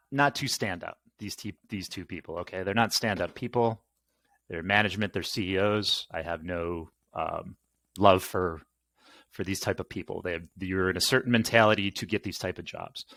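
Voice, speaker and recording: A man's voice: fairly low pitch, fairly bright tone, dry recording. Profane, exasperated man ranting. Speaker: channel host. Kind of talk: casual ranting monologue.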